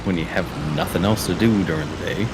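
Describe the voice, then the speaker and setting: A man's voice: deep voice, fast talker. A man hosting a casual gaming chat, rambling with lots of "like"s and restarts. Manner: rambling, with many likes and restarts. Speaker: streamer and host. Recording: loud steady background hum.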